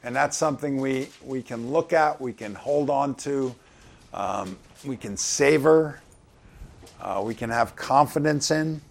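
A man with a gravelly, medium-pitched voice preaches at a measured pace. He reads scripture and explains it conversationally, putting questions to the congregation.

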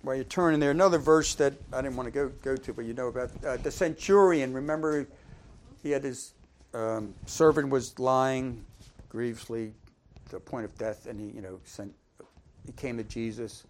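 Speaking at a medium pitch and normal speed, a man gives an informal, folksy sermon. He asks the congregation questions and alternates between emphatic lines and quiet asides.

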